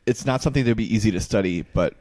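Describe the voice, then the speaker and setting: A man's voice: fairly low pitch, very fast, a little mellow. A man co-hosting a podcast in casual chat, talking hesitantly with many fillers. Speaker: podcast co-host.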